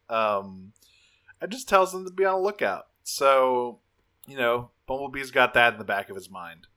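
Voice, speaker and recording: A man's voice: mid-range voice, normal speed. A man co-hosting a podcast, recapping a cartoon in casual chat, swearing freely and acting out the characters' lines. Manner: profane, animated, acts out characters' lines. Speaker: podcast co-host.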